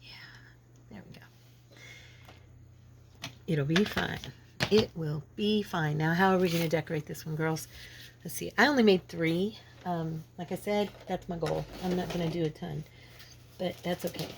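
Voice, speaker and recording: A woman's voice: fairly low pitch, steady tone, a little fast, gravelly, background noise. A woman with a lingering head cold, chatting casually and rambling as she works on a craft project. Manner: chatty, rambling, self-deprecating. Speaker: craft channel host.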